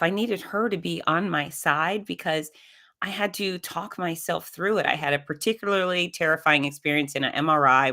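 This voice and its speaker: Middle-aged woman guest, low-pitched, animated storyteller who acts out quotes. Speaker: podcast guest. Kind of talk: conversational storytelling.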